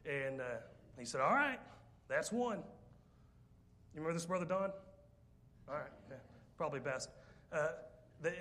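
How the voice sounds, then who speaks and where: A male preacher with a fairly high voice tells a story from the pulpit. He jokes, wanders into asides and teases the congregation before getting back on track. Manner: lively, joking, rambling with asides. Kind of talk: sermon storytelling.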